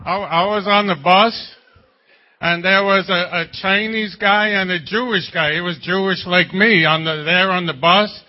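Male pastor, high voice, chatty sermon full of asides and questions, dull lo-fi sound. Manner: conversational preaching, jokes and rhetorical questions.

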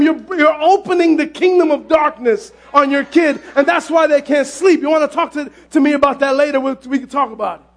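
A male pastor preaching a sermon, often shouting, telling his story with lively exclamations. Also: very high voice, brisk, hardly any pauses, a faint crowd. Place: church sanctuary.

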